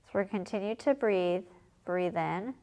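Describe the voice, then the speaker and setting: A woman guides children through yoga poses and breathing at an unhurried, slow pace. Her pitch sits in a middle range. She keeps her cues gentle, clear and encouraging. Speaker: kids yoga instructor.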